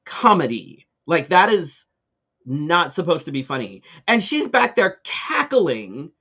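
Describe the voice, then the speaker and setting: A male co-host spins a long, exasperated anecdote in loose casual chat, his pitch sitting a little high and bouncing all over the place. He swears freely and stumbles through plenty of fillers. The sound is dull and lo-fi, like a live stream. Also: slow, breathy edge. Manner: animated storytelling with frequent swearing and fillers. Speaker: co-host of a live talk show.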